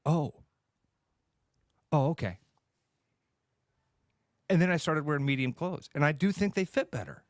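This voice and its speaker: Radio co-host dude, fake-sad and hammy, tells stories, dry close mic. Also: male voice, a little high, fast, hardly any pauses, no echo. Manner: playfully mock-emotional, animated storyteller. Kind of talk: casual radio storytelling.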